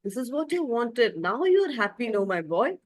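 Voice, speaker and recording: A woman's voice: on the high side, very animated, normal speed. A woman telling a story, voicing a kind, selfless old male tree who speaks tenderly to the boy he loves. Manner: tender and doting.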